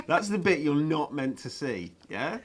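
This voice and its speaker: A man's voice: on the high side, a bit bright. A man presenting craft products on a live shopping show, chatty and enthusiastic, with lots of ums and uhs.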